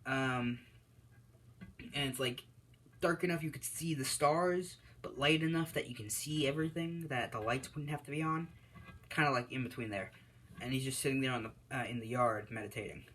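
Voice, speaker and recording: A man's voice: medium pitch, moderate pace, fairly bright tone, slightly rough, low-quality recording. A man casually narrating a fan story off the cuff, rambling and correcting himself, with lots of fillers.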